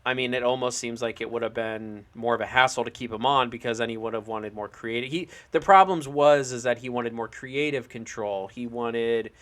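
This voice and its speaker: A man's voice: mid-range voice, normal speed, few pauses, a bit bright. A man co-hosting a casual movie-ranking chat, easygoing and steering the discussion. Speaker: podcast co-host.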